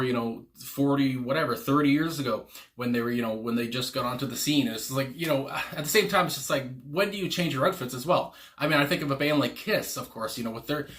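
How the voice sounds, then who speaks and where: A man's voice: mid-range voice, pushed and bright. A man hosting a music reaction video, talking in a casual, rambling way with many fillers, restarts and chuckling asides. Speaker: music reaction channel host.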